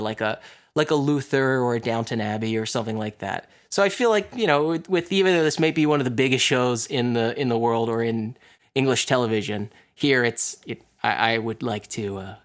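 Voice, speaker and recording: A man's voice: mid-range voice, fairly bright tone. A man co-hosting a podcast in casual chat, rambling and self-deprecating, with a habit of slipping into silly voices. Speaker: podcast co-host.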